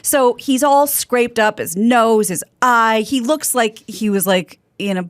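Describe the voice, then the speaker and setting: A woman's voice: a little high, measured pace, no echo, clean studio sound. A woman who co-hosts a podcast, reading news items aloud and chatting wryly. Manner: wry, reads quotes aloud. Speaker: news segment co-host.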